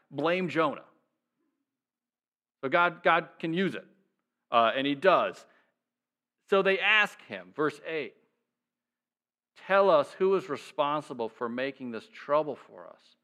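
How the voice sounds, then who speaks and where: A man preaching a sermon, reading scripture and acting out its characters with lively shifts in voice, then dropping soft and low to reflect. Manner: animated, acts out the voices of the sailors and Jonah. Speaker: pastor. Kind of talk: sermon teaching.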